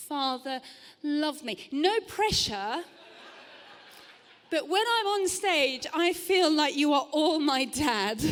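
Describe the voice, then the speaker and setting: A middle-aged woman works the room from a theatre stage, her high voice bright and chatty as she mocks herself and tosses quick asides to the crowd. A long reverb from the hall trails every line. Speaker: stand-up comedian. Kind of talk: live stand-up set.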